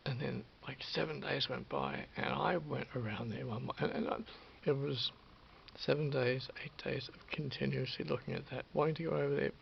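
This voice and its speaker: A man with an Australian accent telling a story to camera in a casual vlog, animated, swearing freely and dropping into whispers. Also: mid-range voice, normal speed. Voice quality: gravelly. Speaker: vlogger. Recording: dull lo-fi with faint hiss.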